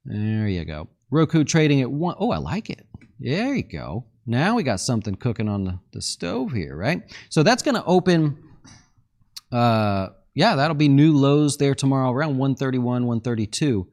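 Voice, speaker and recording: A man's voice: mid-range voice, big pitch swings, moderate pace, darkish tone. A man hosting a live market stream, chatting casually and joking while reading viewer questions and thinking aloud over charts. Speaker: fund manager hosting a market livestream.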